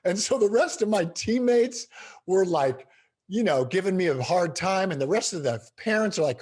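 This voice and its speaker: A middle-aged man telling stories as an interview guest, animated and emphatic. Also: high-pitched, normal speed, husky. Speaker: guest speaker. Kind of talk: storytelling in a podcast interview.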